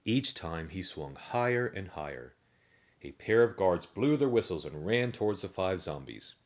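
Deep-voiced man reading a storybook. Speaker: narrator.

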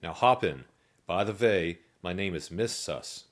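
A man voicing a kindly woman caretaker in a read-aloud storybook, calm and matter-of-fact. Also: low voice, a little slow. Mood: reassuring.

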